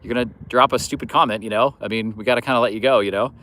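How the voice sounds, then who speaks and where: A fishing livestream host answers viewer comments in a relaxed, rambling chat full of "you know." His mid-range voice is steady and fairly bright, he talks rapid-fire, and there's no room sound.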